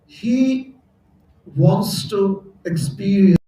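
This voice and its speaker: Man, temple speaker, high voice, slow and mellow, chatty storytelling sermon, echoey hall, far from the mic. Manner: chatty, laughs at his own jokes.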